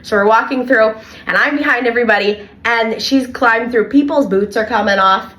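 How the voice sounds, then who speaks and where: A young adult woman, co-hosting a casual podcast and telling animated stories from her childcare work with lots of "like". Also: fairly high pitch, moderate pace. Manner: animated storyteller, heavy filler "like". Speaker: podcast co-host and childcare worker.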